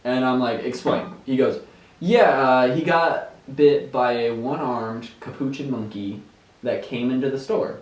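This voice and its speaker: A man's voice: mid-range voice, unhurried. A young man tells a story in loose, casual chat, full of "like" and "um" and breaking into laughter. His voice sits in a middle register. The mic is a little way off in an echoing room. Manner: animated, laughing storyteller with many fillers. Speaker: podcast co-host. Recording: roomy, distant mic.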